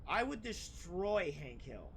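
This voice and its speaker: A man's voice: high voice, big pitch swings, slow pace, creaky, a bit bright, a little hiss or hum. A young man streaming a game, chatting casually in a rambling, crude, joking way. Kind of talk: casual live-stream chat while gaming.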